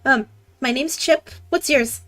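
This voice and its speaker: A woman's voice: high voice, unhurried, a bit bright. A woman playing a naive, polite adventurer. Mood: friendly. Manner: hesitant, polite, chatty.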